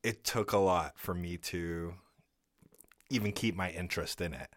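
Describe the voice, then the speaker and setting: Deep, bright-voiced chatty man. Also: normal speed, no room sound, clean studio sound. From Canada. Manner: blunt, chatty, hedging with "like". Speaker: podcast co-host. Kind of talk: casual film discussion.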